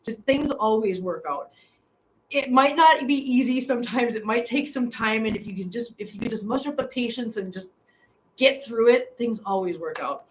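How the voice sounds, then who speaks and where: A woman's voice: on the high side, moderate pace, rough recording. A middle-aged woman hosting a live stream from a hotel room. She talks earnestly and from the heart to her viewers and laughs often. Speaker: channel host.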